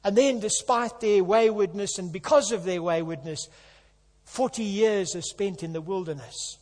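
A man preaching a sermon, earnest and emphatic, building to loud passages. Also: high-pitched, normal speed. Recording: long hall reverb.

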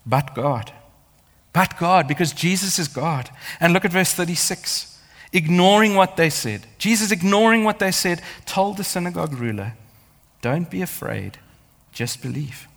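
A pastor delivers a sermon in a fairly high voice for a man. He builds emphatic, repeating phrases. A long hall reverb rings behind every line. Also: expressive, normal speed, fairly bright tone. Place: church.

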